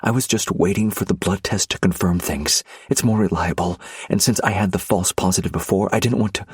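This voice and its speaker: A man reading an audiobook, voicing a fiery, defiant young wife in a raised, husky voice. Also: fairly quick, no room sound, clean studio sound. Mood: pleading. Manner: shrill, indignant, pleading.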